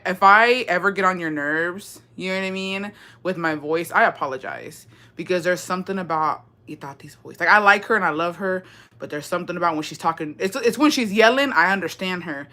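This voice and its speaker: Deep-voiced woman chatting on a livestream. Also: sharp tone. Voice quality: deep, slightly raspy voice. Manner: chatty, profane, mixes in Spanish words. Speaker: livestream host. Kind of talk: casual livestream chat reading comments.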